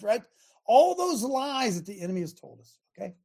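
A man's voice: extremely high pitch, sing-song, moderate pace, husky. A middle-aged man hosting a radio show, teaching from the Bible in a chatty, emphatic sermon style, talking straight to his listeners and producer. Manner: emphatic, rising to near shouts when quoting scripture. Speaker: radio show host and preacher.

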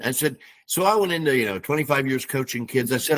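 Lively middle-aged man telling a story. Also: mid-range voice, fast. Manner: animated, acts out quoted dialogue. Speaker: guest. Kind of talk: casual storytelling.

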